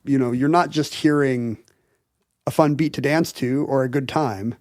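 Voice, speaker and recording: A man's voice: medium pitch, fairly even intonation, normal speed, darkish tone, no room sound, studio quality. A man co-hosting a podcast, explaining things in casual chat with lots of fillers and restarts. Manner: enthusiastic explainer, hedges with fillers. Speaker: podcast co-host.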